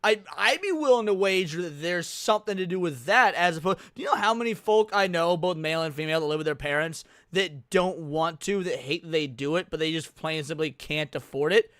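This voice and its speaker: A man's voice: a little high, fairly quick, hardly any pauses, a bit bright, dry recording, clean studio sound. A man hosting a casual live reaction stream, rambling, joking and swearing, often restarting his sentences. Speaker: stream host reacting to videos.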